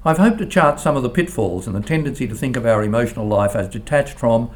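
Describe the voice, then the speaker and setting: An older man, a philosophy professor, reading a formal academic lecture in a measured way, with the odd stumble. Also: medium pitch, expressive. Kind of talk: academic lecture read from a text.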